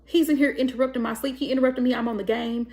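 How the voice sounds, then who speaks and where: A woman's voice: on the high side, steady tone, fast talker, vocal fry, darkish tone. Woman quoting a grumbling, annoyed man. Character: irritated grown man woken by a crying baby.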